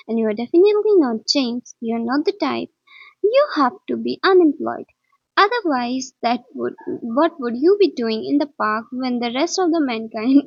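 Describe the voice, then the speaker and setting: A woman reading the part of a brisk, impatient male detective who lectures in an emphatic storybook voice. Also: high-pitched, creaky, dry recording, muffled recording, heavily acted. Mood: lecturing.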